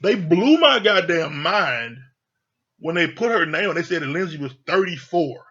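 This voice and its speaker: A man's voice: on the high side, very animated, moderate pace, a bit bright, breathy edge. Blunt, profane man ranting on a dull recording. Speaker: reality TV reviewer. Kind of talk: casual ranting review. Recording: dull lo-fi sound.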